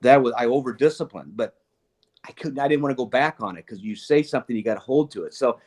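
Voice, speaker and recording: Quick-paced and medium-pitched, the older former police chief chats earnestly about leadership and parenting. His casual storytelling is lively, broken up by frequent laughs and restarts of his sentences.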